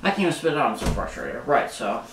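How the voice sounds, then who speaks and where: A man's voice: medium pitch, big pitch swings, fast. A man in his home kitchen, talking in a frustrated, rambling way with many fillers while he makes breakfast and eats. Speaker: vlogger. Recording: echoey room, mic far off, loud kitchen noise. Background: dishes, pots, pans and drawers clattering.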